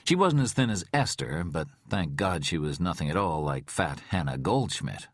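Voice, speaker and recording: A man narrating an audiobook thriller in a slow, deliberate, tense way. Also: sits low, sing-song, no echo, studio quality.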